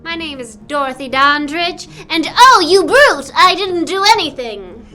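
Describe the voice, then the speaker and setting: A woman's voice: sits high, unhurried, pushed and bright, faint music behind. A woman playing a vain old-Hollywood starlet in improvised comedy, with a theatrical transatlantic drawl. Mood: haughty. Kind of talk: improvised comedy role-play.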